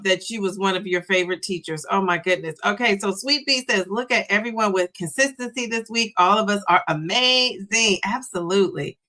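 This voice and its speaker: Live-stream host, woman in her fifties, chatty and bubbly, bright tone. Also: medium pitch. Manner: bubbly, chatty, gives shout-outs. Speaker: livestream host and weight-loss coach. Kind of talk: casual live-stream chat reading comments.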